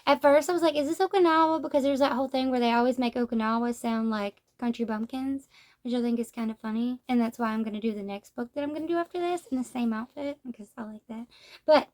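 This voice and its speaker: A woman's voice: fairly high pitch, fast talker, darkish tone. A young adult woman talking casually as she reviews a manga, chatty and rambling, with lots of "like".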